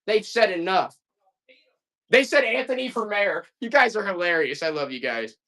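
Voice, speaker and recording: A man's voice: high-pitched, sing-song, a little fast, pushed and bright. A man hosting a casual live-selling stream, rambling and getting fired up in folksy rants between items. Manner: folksy, calls listeners "boy". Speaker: live auction seller.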